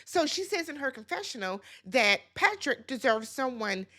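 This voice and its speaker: A woman hosting a casual reality-TV recap, chatty and animated, talking straight to her viewers. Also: high voice, moderate pace. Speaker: YouTube reality-show recap host.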